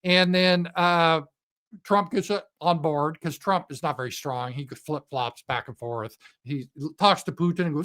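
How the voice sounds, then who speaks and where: A man's voice: fairly high pitch, measured pace, fairly bright tone. A man giving a casual political commentary monologue in a blunt, profane, sarcastic manner.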